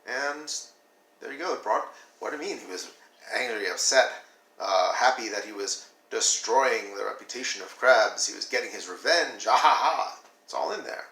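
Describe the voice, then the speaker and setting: A male teacher giving a video lesson, animated and demonstrating flat versus expressive reading aloud. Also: on the low side, moderate pace, roomy sound, recorded from a distance, poor audio.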